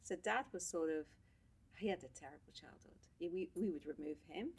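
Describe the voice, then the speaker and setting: A woman guest on a podcast, telling stories from her life in a casual, animated way. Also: low-pitched, a little fast, husky. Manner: animated storyteller, laughs often. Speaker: podcast guest, social worker. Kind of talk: casual storytelling chat.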